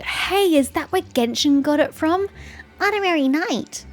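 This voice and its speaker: Woman, gaming commentary, sore throat, sarcastic and chatty, somewhat high voice, faint music behind. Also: lively intonation, a little slow. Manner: sarcastic, chatty, teasing characters. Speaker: gamer. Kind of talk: let's-play commentary. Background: faint game music.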